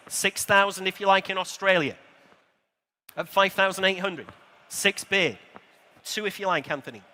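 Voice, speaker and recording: Auctioneer guy calling bids fast n chatty, high bright voice, big echoey hall. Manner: brisk, chatty bid calling with dry asides. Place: large exhibition hall saleroom.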